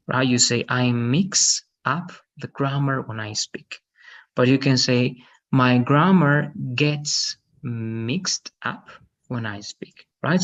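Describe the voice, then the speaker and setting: A man's voice: mid-range voice, fairly bright tone, highs cut off. A man teaching an online English lesson, patiently explaining and often checking with "right?". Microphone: video call.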